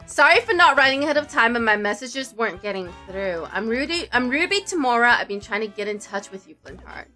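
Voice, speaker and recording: A woman's voice: on the high side, very animated, fairly quick, few pauses, bright, forceful tone, soft background music. A woman voicing a composed, unflinching female lawyer mentor in a visual novel read-aloud.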